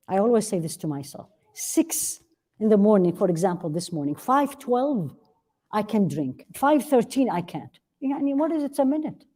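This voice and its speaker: Warm-voiced woman teaching a religious class. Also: medium pitch. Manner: earnest, asks rhetorical questions and answers them; repeats key phrases for emphasis. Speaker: Islamic teacher. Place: classroom with a live audience.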